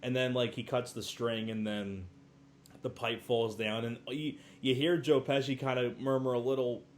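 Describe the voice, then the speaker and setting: Man, casual movie review, chatty and rambling, mid pitch, faint background hiss. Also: fairly even intonation, normal speed. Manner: chatty, laughs often, acts out film quotes.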